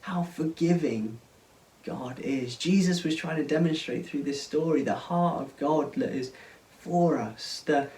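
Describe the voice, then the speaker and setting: Man, earnest church talk, hushed moments, slightly high voice, echoey room. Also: measured pace. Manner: earnest, often drops to a hushed voice. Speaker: church speaker. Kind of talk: storytelling sermon. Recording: roomy sound, mic at a distance.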